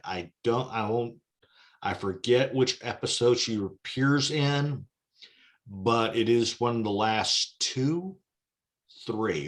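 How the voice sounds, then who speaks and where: Halting man in casual chat. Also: fairly low pitch, a bit bright. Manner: halting, restarts often, agreeable.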